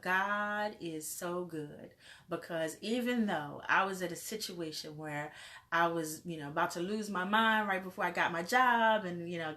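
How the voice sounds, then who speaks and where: A woman's voice: sits low, fairly bright tone. A woman life coach giving an earnest, faith-filled motivational talk to camera, repeating phrases in rolling lists. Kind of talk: motivational vlog.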